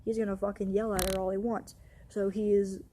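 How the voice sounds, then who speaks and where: A young woman vents in a storytime vlog, her words tumbling out in long, upset run-on sentences laced with swearing. Her voice is mellow and dark, with a breathy, husky edge. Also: mid-range voice, little pitch movement, a little fast. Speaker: vlogger.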